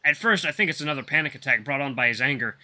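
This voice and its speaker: A man reading a story game aloud in expressive first-person narration. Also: mid-range voice, racing.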